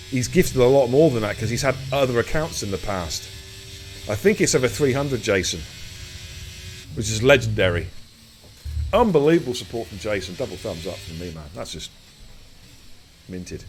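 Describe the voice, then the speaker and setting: A middle-aged man, hosting a live sim racing stream with loud, excitable hype and cheeky banter. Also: lowish voice, moderate pace, long pauses, slight background noise. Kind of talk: live esports race commentary.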